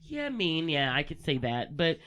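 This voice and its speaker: A woman co-hosts a podcast in casual chat, blunt, laughing often and swearing freely. Her voice sits a bit low for a woman. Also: big pitch swings, normal speed, a bit bright. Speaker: podcast co-host.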